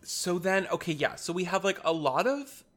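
A man's voice: sits high, animated, normal speed, fairly bright tone. A man co-hosting a casual podcast, talking hesitantly and enthusiastically about a film. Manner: hesitant, many fillers and restarts, enthusiastic. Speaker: podcast co-host.

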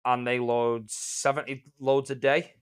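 A man hosting a casual podcast, telling stories in a lively way, swearing and laughing often. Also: medium pitch, measured pace, clear, resonant tone. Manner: animated storyteller, swears freely, laughs a lot. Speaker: podcast host.

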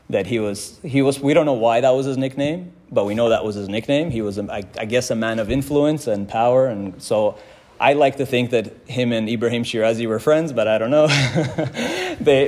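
A man at mid pitch teaches a class in an easygoing, conversational way. He tells family stories and quotes ancient verses, often with a chuckle. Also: darkish tone. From Canada. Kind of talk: casual lecture with storytelling.

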